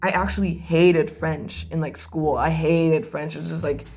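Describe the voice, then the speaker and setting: A young woman telling a story in a casual vlog, animated and jokey with dramatic asides. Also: sits low, a little slow, vocal fry, over music.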